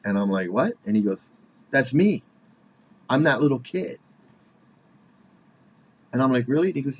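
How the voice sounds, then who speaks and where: A man in his forties giving casual spoken commentary, halting and repeating himself, with nervous laughs, worked up and angry. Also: medium pitch, big pitch swings, husky. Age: 40s.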